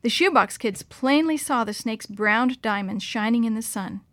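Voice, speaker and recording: A woman reads a children's story aloud, clear and expressive. Her voice is on the higher side, and the sound is dry and close with no room echo. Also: normal speed. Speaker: narrator.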